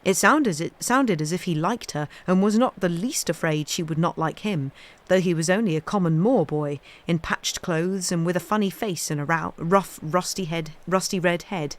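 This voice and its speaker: A woman reading a classic children's novel aloud in a steady storytelling voice. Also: lowish voice, normal speed. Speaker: reader.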